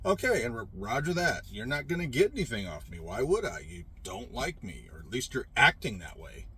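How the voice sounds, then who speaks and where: A man's voice: medium pitch, sing-song, brisk, sharp tone, slight background noise. A middle-aged man telling a personal story in a rambling, profane, emphatic way, with frequent restarts. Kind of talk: casual storytelling monologue.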